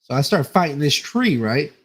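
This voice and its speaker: Casual podcast storyteller, male, slightly higher voice, loose and profane, rambling delivery. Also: big pitch swings, moderate pace, a bit bright, husky. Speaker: podcast co-host.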